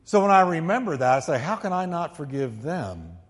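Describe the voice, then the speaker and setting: A male pastor preaching a sermon emphatically, swinging from quiet, low asides to loud, ringing peaks and calling on the congregation to repeat after him. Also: big pitch swings, a little fast. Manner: calls on the congregation to repeat lines. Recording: long hall reverb.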